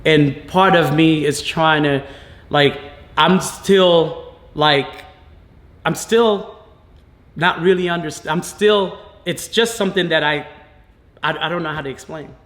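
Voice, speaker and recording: A man, a father, telling a personal story to camera in a halting, emotional way, full of fillers and restarts. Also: a little high, fairly bright tone, roomy sound.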